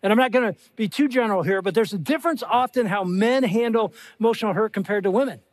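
An older man preaching a sermon in an animated way, acting out quoted dialogue with big jumps in his voice. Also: high-pitched, quick pace, no echo. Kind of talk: sermon to a live audience.

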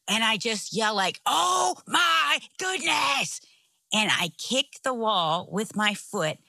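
A woman's voice: mid-range voice, pushed and bright, no echo. A middle-aged woman co-hosting a casual talk show, telling a story with animation and frequent laughter. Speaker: podcast co-host, pastor's wife.

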